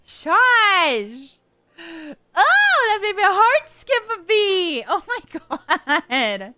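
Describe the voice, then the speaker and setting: Reaction streamer, woman, very high, bright and lively, gushing and squealing. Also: extremely slow, no room sound. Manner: excitable, squealing, flustered and giggly. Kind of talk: casual reaction commentary.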